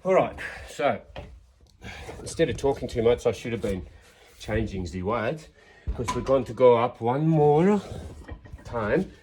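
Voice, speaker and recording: A man's voice: mid-range voice, animated, a little slow, a little mellow, slight background noise. A man in his fifties talking casually while doing a leg workout, encouraging viewers and counting reps aloud as he exerts himself. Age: 50s. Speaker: fitness vlogger. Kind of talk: casual workout talk-along. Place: home workout space, indoors.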